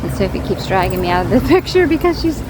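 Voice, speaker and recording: A woman's voice: mid-range voice, big pitch swings, fast, heavy background noise. Chatty woman vlogging outdoors. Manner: chatty, rambling with many ums. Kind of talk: casual vlog narration. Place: outdoors on a city street.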